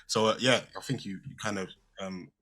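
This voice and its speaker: A man's voice: fairly low pitch, fairly even intonation, fairly quick, a bit bright. A man hosting a casual chat, reading out fan questions and teasing his guest with frequent laughter. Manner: playful, laughs often, teasing.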